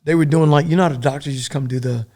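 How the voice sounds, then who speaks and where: A middle-aged man, a podcast guest and former soldier, telling a war story in a profane, animated, rambling way. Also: a little high, fast.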